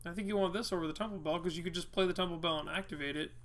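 High-voiced man in rowdy gameplay chat. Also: racing. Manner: loud, swearing, teasing banter. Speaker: card game player and co-host. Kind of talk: casual gameplay commentary.

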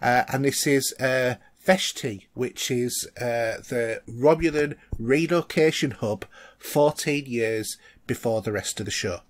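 A man's voice: mid-range voice, takes it slowly. Chatty man hosting a podcast. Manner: chatty, rambling with fillers. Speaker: podcast co-host. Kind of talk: casual podcast chat.

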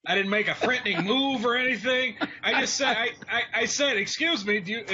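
Man, roundtable co-host, casual storytelling, swears a lot, acts out voices, very bright forceful tone, slightly dull lo-fi sound. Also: very high-pitched, a little fast. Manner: profane, animated storyteller acting out voices. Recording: dull lo-fi sound with faint noise.

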